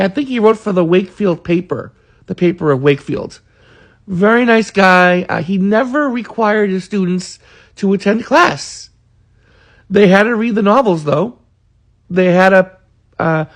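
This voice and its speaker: A man, earnestly recalling college days in a rambling monologue full of fillers. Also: high-pitched. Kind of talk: casual reminiscing monologue.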